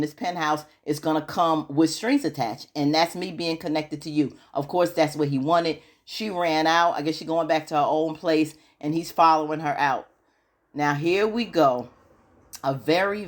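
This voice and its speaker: Low-voiced woman recapping a TV episode. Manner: animated, retells scenes in quoted dialogue. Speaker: TV show recap host.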